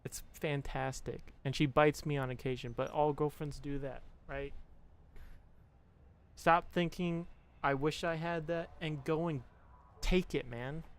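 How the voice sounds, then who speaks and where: This young man's voice sits a little high, with fairly even intonation and a measured pace. Chatting casually with his stream audience, he offers frank, profane relationship advice in a pep-talk manner and does impressions of the people he quotes.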